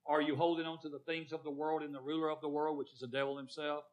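A male pastor preaching a sermon, calling on his congregation by name and asking for amens, rising loud on key words and dropping low. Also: little pitch movement, quick pace, highs cut off. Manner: calls on congregation members by name, asks for amens; swells loud on emphasis, drops to near murmur.

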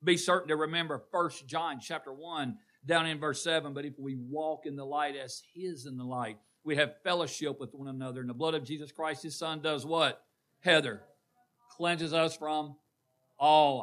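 A man's voice: fairly high pitch, moderate pace, sharp tone. A man preaching a call-and-response sermon in a church, quizzing the congregation. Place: church sanctuary.

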